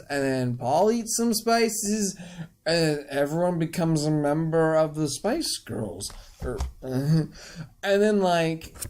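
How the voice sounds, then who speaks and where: A man's voice: fairly high pitch, a little mellow, smooth. A drunk young man giving a rambling, crude comic summary of a book, full of fillers.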